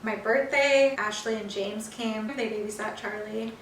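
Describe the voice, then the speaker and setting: A young woman from California chatting about her life in a casual video diary, telling her story with animated energy. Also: medium pitch, measured pace. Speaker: vlogger. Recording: roomy, from a distance, faint hiss.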